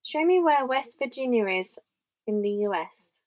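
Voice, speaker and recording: A woman's voice: a little high, animated, unhurried, a little mellow, no echo, poor audio. A young English woman chatting casually on a live stream from her home office, rambling and thinking aloud as she reads viewer comments.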